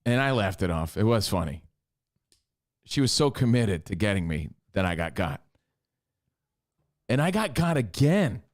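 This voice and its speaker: A man's voice: lowish voice, big pitch swings, measured pace, long pauses. Man co-hosting a casual radio show. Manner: storytelling, self-deprecating.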